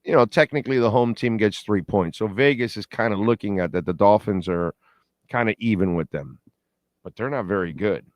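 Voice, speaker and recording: Rambling die-hard fan talk-show host. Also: male voice, fairly low pitch, fairly quick, no room sound, studio quality. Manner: reads the chat board and talks to listeners. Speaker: sports radio show host. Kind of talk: casual pregame sports talk.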